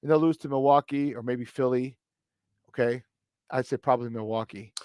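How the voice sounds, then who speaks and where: Emphatic Chicago-accented sports host. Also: male voice, medium pitch, fairly even intonation, fairly quick, a little mellow, smooth, no echo, studio quality. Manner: emphatic, repeats points for stress. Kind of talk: sports talk radio banter.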